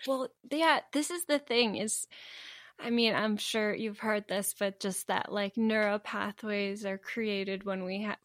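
A woman in an open, candid conversation who laughs often and keeps restarting her sentences. Her voice sits at a medium pitch and sounds close and dry, with no room sound around it. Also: fairly even intonation, measured pace, no echo. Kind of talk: casual conversation.

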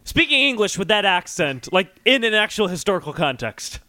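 A man's voice: sits high, sing-song, brisk, sharp tone, no echo. A man co-hosting a podcast, chatting casually with crude jokes. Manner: crude, joking. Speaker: podcast co-host. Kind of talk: casual comedic chat.

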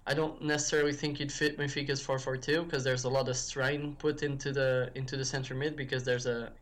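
A man's voice: mid-range voice, little pitch movement, fairly quick, a bit bright. Rambling man chatting about football. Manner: rambling, many restarts and fillers like "if you will". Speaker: podcast guest. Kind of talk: casual football chat.

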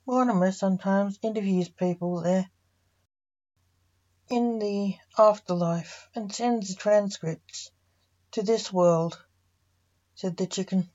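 A woman reading a fantasy story aloud, voicing all the characters in a mostly even narrating voice. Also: medium pitch. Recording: muffled lo-fi recording.

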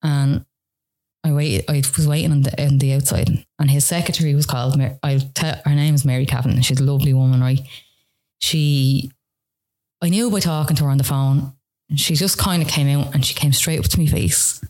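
A woman's voice: very deep voice, steady tone, brisk, darkish tone. An Irish woman, a podcast guest, telling a personal story in casual conversation, full of "like" and retold dialogue. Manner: rambling, frequent "like" fillers, retells dialogue.

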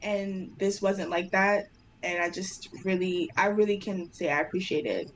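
A young woman dancer and choreographer telling stories in a casual interview, animated and acting out her own past dialogue in excited voices. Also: medium pitch, normal speed, a little hiss or hum, rough recording. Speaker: dancer and choreographer, podcast guest.

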